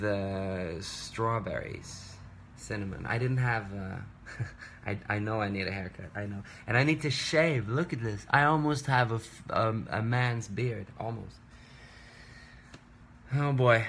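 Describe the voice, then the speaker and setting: A man in his thirties, a musician, livestreams from his home work desk in a lowish, slightly bright voice. He chats casually, rambling and playfully cutting himself off. There's a little hiss or hum in the audio.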